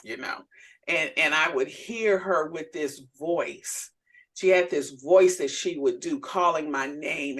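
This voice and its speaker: A woman minister talks in a relaxed, unhurried way with a bright, forward tone. She tells family stories in casual chat and lifts into animated voices when she quotes people. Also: lowish voice. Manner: animated storyteller who acts out quoted voices. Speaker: minister and podcast co-host.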